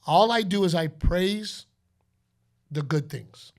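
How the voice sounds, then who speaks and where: A man's voice: high-pitched, takes it slowly. A middle-aged man hosting a podcast, telling stories in casual chat and acting out quotes and announcer calls. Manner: animated storytelling, acts out quotes and announcer calls. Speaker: podcast host.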